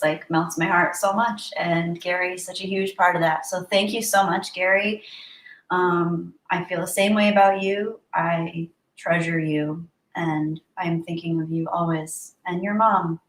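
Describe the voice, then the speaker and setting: A woman's voice: fairly low pitch, fairly even intonation, unhurried, distant mic. A woman hosting a live stream, chatting casually and thanking her viewers. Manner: chatty, warm thanks to viewers, laughs often. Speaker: livestream host. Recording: roomy sound, voice a bit off-mic.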